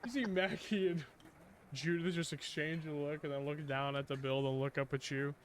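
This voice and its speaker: A man's voice: on the high side, steady tone, moderate pace, a little hiss or hum. A man running a tabletop game as game master, casual and joking.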